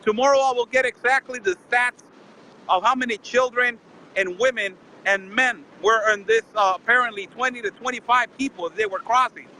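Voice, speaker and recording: High, bright-voiced indignant man. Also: normal speed, a little hiss or hum, rough recording. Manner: indignant, fires rhetorical questions, keeps addressing the host by name. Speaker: border correspondent calling in. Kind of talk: casual live-stream conversation.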